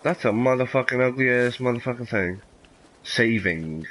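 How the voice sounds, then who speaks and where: A man commentating while playing a horror game, cursing freely and reacting loudly. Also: medium pitch, moderate pace, soft background music, rough recording. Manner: profane, animated, reacts loudly. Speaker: gameplay commentator. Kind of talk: let's play commentary.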